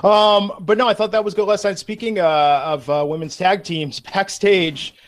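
A man's voice: high-pitched, fairly even intonation, moderate pace. A man hosting a casual wrestling chat, conversational and steering the topics. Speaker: wrestling podcast host.

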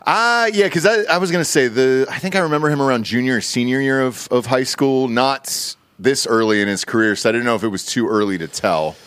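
A man's voice: medium pitch, brisk, few pauses, clean tone, no echo. A man hosting a casual golf betting podcast, joking and swearing as he talks. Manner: profane, joking, animated. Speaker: podcast host.

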